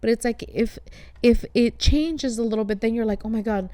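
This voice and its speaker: A chatty woman hosting a relaxed conversation, talking in a fairly high voice. She swears freely and fills her sentences with casual fillers. The sound is dry and close, with little room around it. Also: normal speed, no room sound. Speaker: host. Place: art studio shop.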